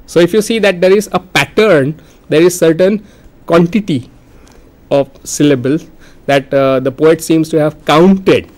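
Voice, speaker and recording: A man with an Indian English accent giving a recorded lecture on poetry, explaining slowly and repeating words as he goes. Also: a little high, a little mellow.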